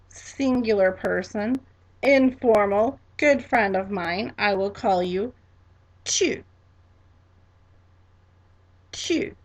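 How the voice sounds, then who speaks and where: A woman teaching a class, slow and patient, spelling each word letter by letter and repeating it for students to echo. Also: mid-range voice. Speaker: French teacher. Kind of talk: classroom lesson.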